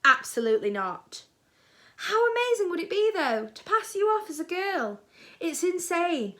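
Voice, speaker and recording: A woman's voice: extremely high pitch, very animated, moderate pace, bright, forceful tone, pitched above the performer's own voice, full character voice. A woman voicing a shy, nervous twelve-year-old boy in a storybook reading, speaking hesitantly. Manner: hesitant, unsure.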